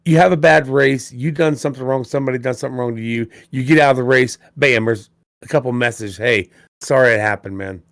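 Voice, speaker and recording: A man's voice: mid-range voice, fast talker, fairly bright tone, dry recording, studio quality. A man on a casual livestream chat panel, asking questions and laughing often.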